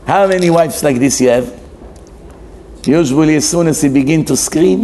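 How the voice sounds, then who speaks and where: A man's voice: high voice, normal speed, a little hiss or hum. A man, a rabbi, giving a humorous sermon, animatedly acting out the figures. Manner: animated storyteller acting out characters in quotes.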